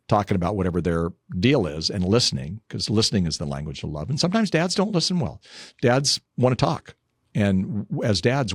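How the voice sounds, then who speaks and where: A man's voice: on the low side, slightly rough, no echo, studio quality. An older man, a guest in an interview, chatting through anecdotes about his family and laughing as he tells them. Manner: chatty, anecdotal, laughs while telling stories. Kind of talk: casual interview storytelling.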